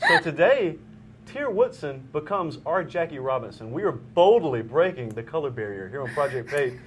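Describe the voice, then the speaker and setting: A young man hosting a casual talk show, joking and teasing his co-host in a deadpan way. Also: on the high side, fairly quick, slight background noise.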